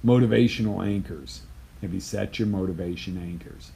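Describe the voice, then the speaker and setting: Man, live motivational coach, low gravelly voice, punchy and chatty with sudden loud bursts. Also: normal speed, a little hiss or hum, poor audio. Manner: emphatic, conversational, swings from loud bursts to quiet asides. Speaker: life coach.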